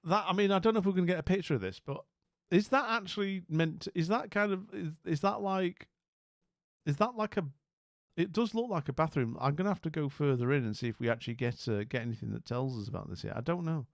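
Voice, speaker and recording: A man's voice: fairly high pitch, quick pace, no echo, studio quality. A man streaming casually, rambling and bemused as he talks to viewers, with many restarts and asides. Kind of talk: casual live-stream commentary.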